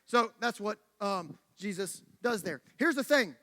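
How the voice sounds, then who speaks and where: A man with a very high, bright voice delivers a lively sermon, acting out the story as he goes. The sound rings with the long reverb of a church hall. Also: measured pace. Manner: animated storytelling, acting out the scene. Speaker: preacher.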